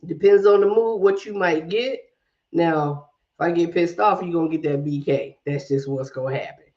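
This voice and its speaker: A woman's voice: lowish voice, normal speed, a little mellow, dull audio. A woman with a mix of Southern drawl and Brooklyn accent hosting a casual livestream, greeting viewers by name and talking herself through tech fixes. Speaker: livestream host.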